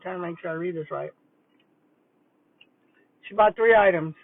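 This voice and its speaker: A woman's voice: on the low side, moderate pace, vocal fry, no room sound. An older woman, a retired school principal chatting casually and rambling on a livestream while eating lunch. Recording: tinny phone-like dry audio.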